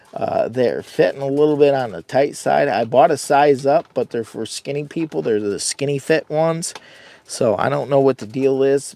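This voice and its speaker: A man's voice: medium pitch, darkish tone, no echo. A man casually rambling through a camping vlog, goofy and self-mocking, chatting straight to his viewers. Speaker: vlogger. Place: hot tent while camping.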